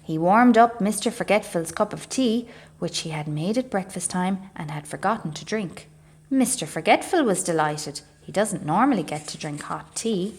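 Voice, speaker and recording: A woman reading a children's storybook aloud as a library storyteller, expressive and measured. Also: medium pitch, slightly rough.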